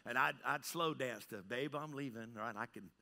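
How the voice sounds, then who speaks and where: A middle-aged pastor preaching a dramatic sermon, swinging from loud to hushed and often asking "right?". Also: male voice, mid-range voice, moderate pace, creaky. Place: church sanctuary.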